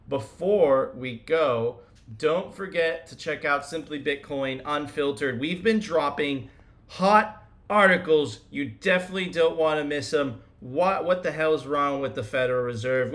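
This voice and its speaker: A man's voice: fairly high pitch, a bit bright. A man co-hosting a casual livestream show, upbeat, reading out chat and plugging links. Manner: upbeat, plugs and reads chat. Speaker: co-host.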